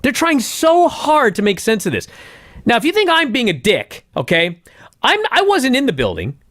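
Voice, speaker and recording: A man's voice: very high-pitched, wildly swooping pitch, normal speed, fairly bright tone, no room sound, clean studio sound. A man co-hosting a casual podcast and ranting sarcastically about a wrestling show, swearing often. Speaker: podcast co-host. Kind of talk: casual profane wrestling review chat.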